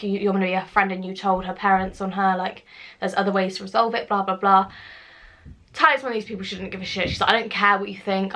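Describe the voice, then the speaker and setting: A woman's voice: medium pitch, a bit bright. A young woman tells a casual storytime to camera, chatty and swearing freely as she acts out what people said. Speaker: vlogger.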